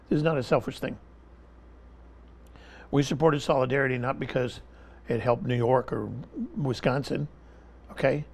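Emphatic man with a gravelly voice. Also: medium pitch, a little mellow. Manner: emphatic, repeats his point, talks over interruptions. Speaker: interview guest. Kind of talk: impassioned political commentary.

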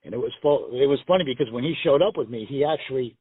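Man, wrestling guest, husky voice, profane storyteller, phone-line audio, dry. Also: medium pitch, fast, no echo. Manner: profane, rambling, full of acted-out quotes. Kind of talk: casual storytelling interview.

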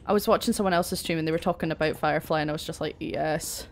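A woman's voice: low-pitched, very fast, a little hiss or hum. A young woman chatting casually while streaming a game, laughing often and swearing now and then. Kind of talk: casual chat while gaming.

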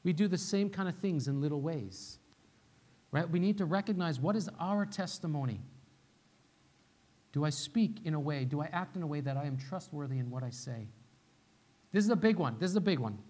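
A man's voice: a little high, lively intonation, a little fast, long pauses, darkish tone. A man who is a pastor, preaching a sermon in a conversational way, repeating key phrases and often checking in with "right?". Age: young adult to middle-aged, father of a little one. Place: church sanctuary.

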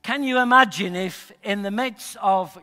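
High, bright-voiced preaching man, hall echo. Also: unhurried, soft background music. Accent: Northern English. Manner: emphatic preaching that rises to loud, shouted declarations. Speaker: pastor. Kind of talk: sermon. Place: church hall. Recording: long hall reverb.

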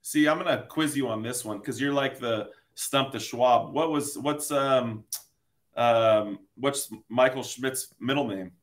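A man's voice: medium pitch, measured pace. A man, a college baseball head coach, chatting as a podcast guest in an easygoing, teasing way. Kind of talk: casual podcast chat.

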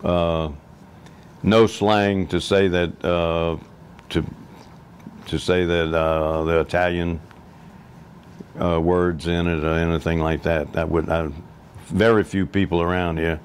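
A man speaking plainly and haltingly in an interview. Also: low voice, flat delivery, slight background noise. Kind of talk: casual conversation.

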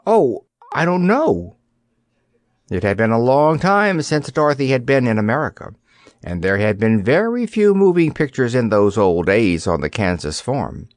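A man narrating an audiobook in an expressive storytelling manner, on a close studio mic. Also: medium pitch, normal speed, dry recording.

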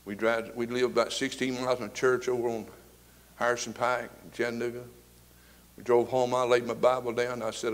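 A man, preaching a fervent sermon to his congregation, swinging between loud and soft. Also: mid-range voice, fairly even intonation, moderate pace. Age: 70s. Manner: fervent preaching with rising and falling volume. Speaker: pastor. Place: church sanctuary with congregation.

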